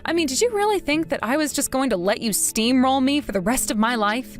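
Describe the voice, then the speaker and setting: A woman's voice: sits high, lively intonation, fairly quick. A woman voicing a fed-up grown daughter who bluntly and coldly refuses her family. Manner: blunt, cold, firm. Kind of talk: text-story voice acting.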